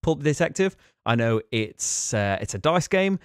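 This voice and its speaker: A man's voice: on the high side, sing-song, a little slow, clear, resonant tone, no room sound, clean studio sound. A man hosting a board game channel, talking through a casual rambling preview with enthusiasm, fillers and small laughs.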